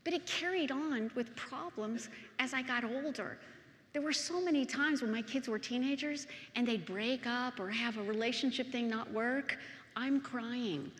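Middle-aged woman preacher, heartfelt testimony, a touch high-pitched, long church reverb. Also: moderate pace. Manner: emotional storytelling, swinging from hushed to loud and excited. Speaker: pastor's wife and preacher. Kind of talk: personal testimony sermon.

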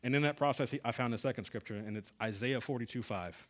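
A man's voice: medium pitch, fast talker, a bit bright. A middle-aged man and Bible class teacher giving an earnest sermon-style testimony, often restarting his sentences. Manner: earnest storytelling with repeated restarts.

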